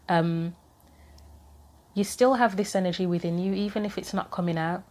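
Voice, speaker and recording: A woman giving a casual tarot reading to camera, thinking aloud with frequent pauses, earnest and gently sympathetic. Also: lowish voice. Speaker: tarot reader.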